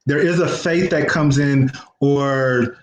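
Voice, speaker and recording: A man hosting an interview, speaking in a relaxed, encouraging way. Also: mid-range voice, slow. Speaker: interviewer, host. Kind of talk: conversational interview. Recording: roomy echo.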